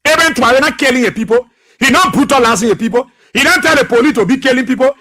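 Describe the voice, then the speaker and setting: High-voiced husky Liberian radio host, bright and fiery, preacher-like repeats. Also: male voice, quick pace. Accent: Liberian English. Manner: fiery, repetitive, preacher-like delivery. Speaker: radio talk show host. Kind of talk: impassioned political commentary.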